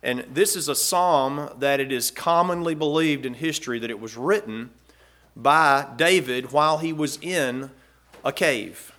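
Guy preaching, folksy, gets loud and high reading scripture, bright tone. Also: unhurried. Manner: folksy, rises and swells when reading scripture aloud. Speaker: pastor. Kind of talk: sermon.

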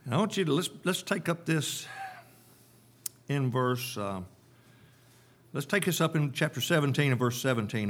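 A man's voice: medium pitch, expressive, moderate pace, pauses often. A man preaching a sermon, emphatic and repetitive, with rhetorical questions to the congregation.

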